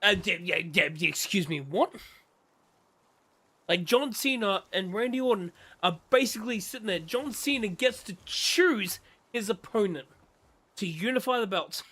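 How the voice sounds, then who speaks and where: A high-sitting male voice at a moderate pace carries a fired-up wrestling rant during casual stream chat, complete with excited impressions of other people's reactions.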